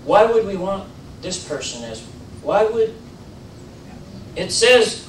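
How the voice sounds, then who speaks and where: A man giving an informal sermon in a church, talking in a conversational way with many fillers and restarts, rising into animated emphasis. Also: sits high, slow pace, pauses often, a little hiss or hum. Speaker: preacher. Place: church sanctuary. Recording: roomy church audio, mic at a distance.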